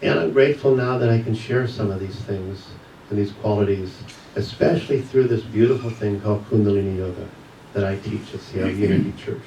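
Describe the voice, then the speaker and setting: Low-voiced man in an echoey church. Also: fairly quick, mellow. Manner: earnest, reflective storytelling. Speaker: guest speaker at a church service. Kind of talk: personal testimony talk. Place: church sanctuary. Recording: echoey room, distant mic, faint hiss.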